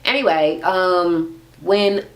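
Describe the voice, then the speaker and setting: A woman's voice: fairly low pitch, slow pace. A woman casually chatting through a reality TV recap in a gossipy, profane manner.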